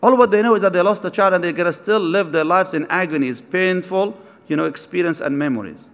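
High-voiced preacher in a reverberant hall. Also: male voice, fairly quick. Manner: animated, acts out dialogue, mixes in recited verses. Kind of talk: storytelling sermon.

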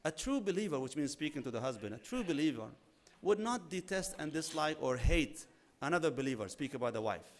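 Male preacher, fairly high voice, lively storyteller who slips into character voices and Arabic phrases. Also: a little fast. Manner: animated, acts out dialogue, mixes in Arabic phrases. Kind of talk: sermon on marriage.

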